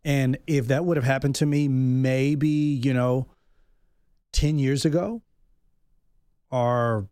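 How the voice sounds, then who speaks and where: A man in his thirties, heard as a guest in a candid, personal conversation. He talks openly and reflectively, working out his thoughts aloud at a middle pitch. The sound is dry and close, with no room around it. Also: steady tone, slow, pauses often, darkish tone, clean tone, no room sound. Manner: open, reflective, thinks aloud. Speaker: podcast guest.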